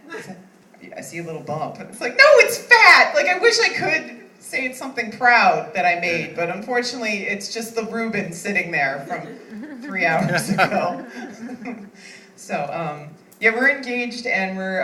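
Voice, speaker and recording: A woman's voice: on the high side, bright, forceful tone, slight background noise. A woman in her thirties doing stand-up comedy, chatty and self-mocking, laughing often. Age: 30s. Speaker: stand-up comic. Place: comedy club stage. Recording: echoey room, mic at a distance.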